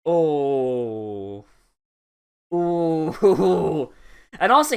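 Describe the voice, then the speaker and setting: Casual anime reaction vlogger, profane, sarcastic, quick to laugh. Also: mid-range voice, animated, fairly bright tone.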